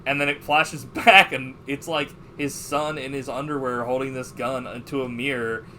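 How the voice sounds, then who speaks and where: Podcast host, male, bright and forceful tone; animated, profane retelling of movie scenes. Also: mid-range voice, normal speed, slight background noise. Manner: animated retelling, heavy swearing, many fillers. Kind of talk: casual movie review chat.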